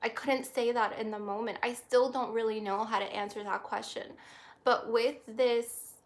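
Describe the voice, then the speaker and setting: A woman doing a tarot reading on a livestream, reflective and halting, close to tears. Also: a little high, fairly even intonation. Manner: soft, reflective, halting with many restarts. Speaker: tarot reader.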